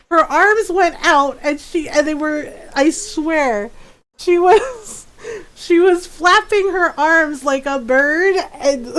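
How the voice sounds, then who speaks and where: A middle-aged woman with a high voice chats as she plays a game on stream. She talks slowly and rambles through a story, breaking into laughter often. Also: fairly bright tone. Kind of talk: casual chat while gaming.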